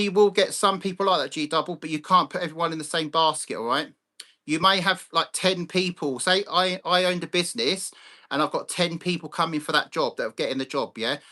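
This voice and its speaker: A man with a bright, forceful voice and a slightly high pitch, hosting a live stream. He rants bluntly, swears a lot and keeps greeting viewers by name. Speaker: livestream host.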